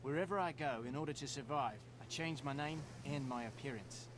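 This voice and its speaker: A man's voice: medium pitch, a little fast, close to an everyday voice. An actor playing a guarded Australian man on the run who had posed as Jamaican, speaking in a game with background noise. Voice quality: wary, guarded, laid-back slang. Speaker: game character. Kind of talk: video game voice acting.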